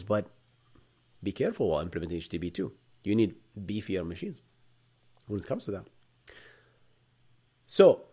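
A man from Bahrain with an Arab accent, hosting a live tech lecture and answering chat, animated, shifting between loud bursts and quiet asides. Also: mid-range voice, slightly rough. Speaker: live stream host.

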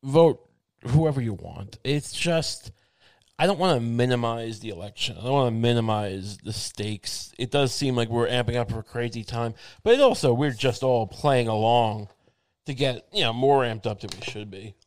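A man's voice: medium pitch, animated, normal speed, darkish tone, dry recording, clean studio sound. A man hosting his show in a meandering, wry casual monologue, thinking aloud with many restarts. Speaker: show host.

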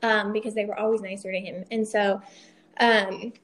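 A woman's voice: medium pitch, little pitch movement, normal speed, fairly bright tone. A young woman, a military spouse, telling a story in casual chat, acting out quoted lines and laughing often.

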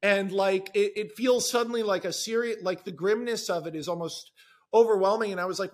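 A man on a podcast as a guest screenwriter, chatting casually in an excited, rambling way. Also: high-pitched, brisk. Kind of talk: casual chat.

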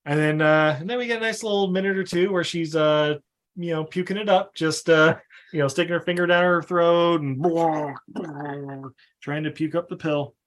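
A man's voice: on the high side, fairly even intonation, moderate pace. A man hosting a film podcast, recapping the plot casually with swearing, laughs and acted-out voices. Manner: laughing, profane, acts out the characters. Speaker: podcast host.

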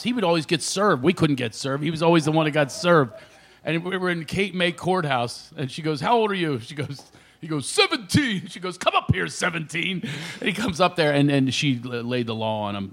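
Animated storytelling man, laughs a lot. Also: a little high. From Philadelphia area. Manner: animated storyteller, acts out voices, laughs often. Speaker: comedian guest. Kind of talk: storytelling on a radio show.

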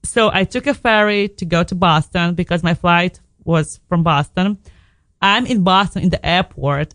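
A woman's voice: on the low side, dry recording. A woman from Belarus, a radio guest telling a candid personal story in a frank, emotional way, swearing casually and restarting her sentences.

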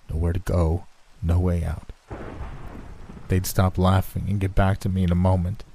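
A man with a low, dark and mellow voice narrates a horror story in a measured, steady way. Rain and thunder roll behind him.

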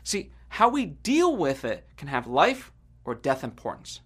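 A man's voice: on the high side, huge pitch swings, a little slow, breathy edge. A man hosting a podcast, delivering an earnest, reflective scripted monologue. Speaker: podcast host.

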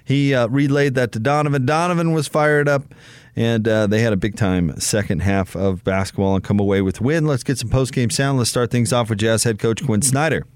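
A smooth, resonant male voice reading a scripted sports recap on the radio. It sounds close and dry, like a studio mic. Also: medium pitch, fairly quick, dry recording.

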